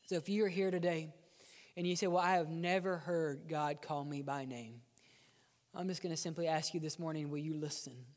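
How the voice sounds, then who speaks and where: A male pastor preaching a sermon, swinging between loud, driven lines and hushed, near-whispered ones. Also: on the high side, fairly even intonation, normal speed, big-room sound. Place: church sanctuary.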